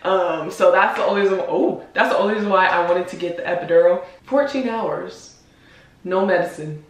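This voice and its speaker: A woman's voice: fairly low pitch, fairly quick, very echoey, far from the mic. A woman in her twenties chatting to her viewers, emotional and close to tears, often laughing. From United States. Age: 20s. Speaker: vlogger. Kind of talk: emotional reaction vlog commentary.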